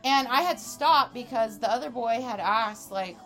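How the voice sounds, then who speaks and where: On the high side and at a normal speed, her voice carries over faint background music. She's a twenty-something podcast co-host spinning a wild story in casual chat, animated, laughing, and performing what people said.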